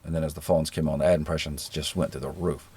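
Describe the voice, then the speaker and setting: A middle-aged American man with a very deep, husky voice, talking as a guest in a relaxed interview. He tells stories in an easygoing, self-deprecating, folksy way. The sound is dry and close. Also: fast talker, dry recording. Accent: generic American. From rural Georgia, American South. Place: living in New Zealand.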